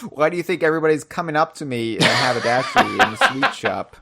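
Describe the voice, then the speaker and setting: A man hosting a casual podcast chat. He teases his guest with playful, deadpan jokes. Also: on the high side, fast, gravelly. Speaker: podcast host.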